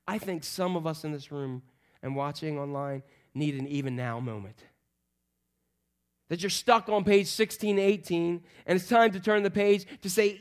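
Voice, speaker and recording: A high-pitched man preaches to a church congregation. He swings between ringing calls and quiet, hushed lines. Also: expressive, moderate pace. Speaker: pastor. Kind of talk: sermon. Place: church sanctuary, also streamed online.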